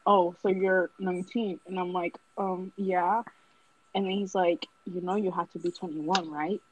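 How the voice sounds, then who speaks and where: A woman's voice: on the low side, a little slow, highs cut off. Nineteen-year-old woman telling a story. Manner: animated, acts out the other voices in her story. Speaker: college student telling a story. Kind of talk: casual storytelling among friends.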